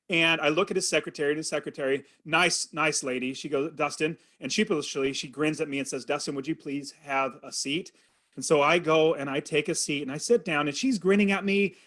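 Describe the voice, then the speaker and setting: A man in his forties, a real estate investor, telling a personal story in an earnest, animated way as a podcast guest. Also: fairly high pitch. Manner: earnest, animated storytelling with quoted inner thoughts. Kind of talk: storytelling in an interview.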